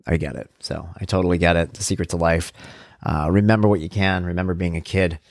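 A man's voice: deep voice, quick pace, no room sound, studio quality. A man hosting a show, talking casually and rambling about parenting and his blog. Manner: conversational, rambling, self-deprecating. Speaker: podcast host and parenting blogger. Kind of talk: casual monologue.

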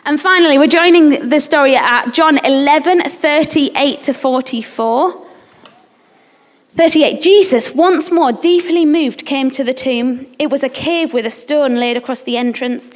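Woman giving a sermon at a church service, high voice, long echo off the hall walls. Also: a little slow. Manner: earnest, questioning the listeners directly. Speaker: preacher.

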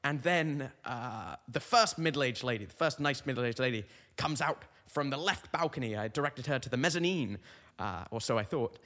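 A man's voice: medium pitch, animated, normal speed, a bit bright, big-room sound. A young man hosting a comedy podcast, telling meandering, self-mocking stories full of tangents. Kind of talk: rambling comic monologue.

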